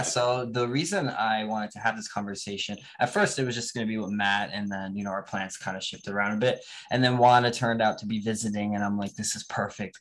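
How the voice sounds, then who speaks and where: Blunt, low-voiced podcast host man. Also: poor audio. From New Jersey. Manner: casual and blunt, swears freely. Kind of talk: casual conversation.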